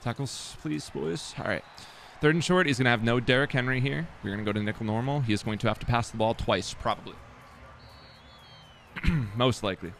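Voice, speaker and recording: A man's voice: medium pitch, a little fast, a bit bright, a little hiss or hum. A young man muttering casual commentary to himself while streaming a football video game, self-deprecating and swearing.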